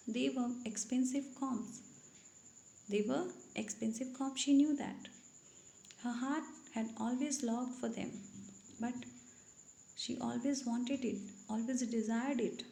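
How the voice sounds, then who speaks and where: Gravelly-voiced woman explaining an English story. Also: fairly high pitch, warm tone, roomy sound, poor audio. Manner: reads a passage aloud, then restates it in simple words. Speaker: English teacher.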